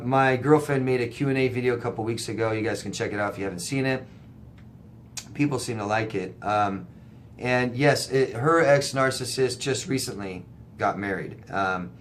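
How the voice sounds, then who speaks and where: Speaking directly to camera in a casual way, a man answers viewer questions as a life coach, blunt and emphatic, swearing now and then to drive a point home. His voice is medium in pitch, with a little hiss or hum.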